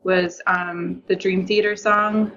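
A woman in casual podcast chat, talking in quick bursts and laughing often. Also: lowish voice, little pitch movement, a bit bright. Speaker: game developer guest. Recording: dull audio with faint noise.

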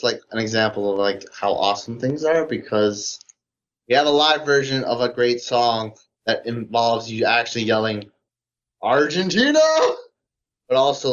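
A man's voice: lowish voice, moderate pace, a bit bright. A man in casual podcast chat, rambling and enthusiastic, filling his talk with "like". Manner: rambling, heavy use of "like", enthusiastic fan tone. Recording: dull lo-fi audio.

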